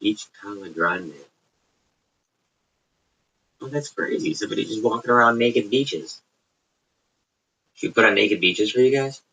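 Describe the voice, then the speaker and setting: A man's voice: lowish voice, a little slow, pauses often, pushed and bright, slightly rough, rough recording. A man with a suburban Chicago accent hosting a casual late-night livestream from home, rambling and profane. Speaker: livestream host.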